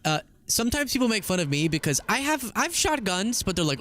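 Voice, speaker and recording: A man's voice: high voice, sing-song, fairly quick, few pauses, a bit bright. A man hosts a casual political commentary stream in an emphatic, argumentative tone. He leans into sarcasm as he builds his case.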